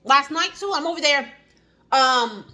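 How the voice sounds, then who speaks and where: A woman's voice: high-pitched, animated, unhurried, bright, forceful tone. A woman with a New Jersey accent chatting casually to the camera in an eat-and-chat vlog, rambling with many fillers and restarts. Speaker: vlogger.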